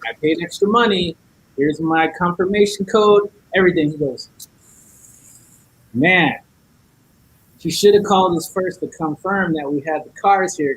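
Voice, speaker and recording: A man's voice: a little high, a bit bright, slightly rough, low-quality recording. A man guest on a podcast, telling a story in casual chat, acting out each side of the dialogue and cursing a lot.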